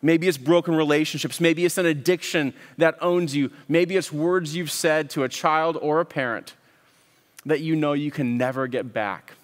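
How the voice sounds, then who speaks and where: A man preaching a sermon, earnest and deliberate, often repeating words as he builds a point. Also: on the high side, fairly even intonation, big-room sound. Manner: earnest, with frequent word repeats and pauses. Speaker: pastor.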